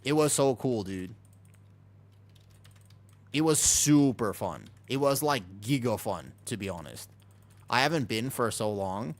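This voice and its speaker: A man casually chatting with his viewers while streaming a game, excitable and talkative. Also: mid-range voice, measured pace, pauses often. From United States. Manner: excitable, chatty, reacts to chat.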